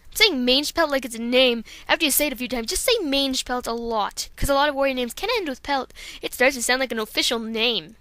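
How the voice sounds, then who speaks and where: A woman's voice: sits high, fairly quick, hardly any pauses, a bit bright, dry recording. A young woman chatting casually into a close home mic, rambling and self-deprecating between her voice-acting takes. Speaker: amateur voice actor. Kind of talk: casual vlog chat.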